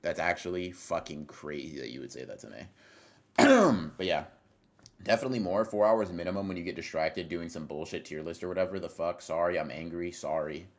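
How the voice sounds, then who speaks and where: A man's voice: sits low, animated, brisk. A young man livestreaming, chatting casually with his viewers in a rambling, profane way that keeps interrupting itself as he reacts to chat.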